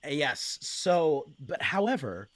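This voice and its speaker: A man narrating as game master, halting with many fillers. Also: fairly high pitch, big pitch swings, no room sound.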